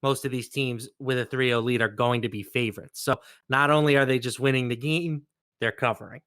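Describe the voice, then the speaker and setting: A man working as a sports betting analyst, walking through trends and numbers in casual, measured talk. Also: mid-range voice, fairly even intonation, a bit bright, dry recording, clean studio sound. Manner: measured, stat-driven explanations.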